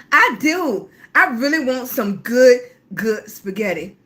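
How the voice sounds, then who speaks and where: A middle-aged woman hosting a casual livestream, chatting freely with viewers and calling them baby, with an occasional cough. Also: fairly high pitch. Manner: talkative, warm-hearted, calls viewers baby. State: coughing at times. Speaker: livestream host.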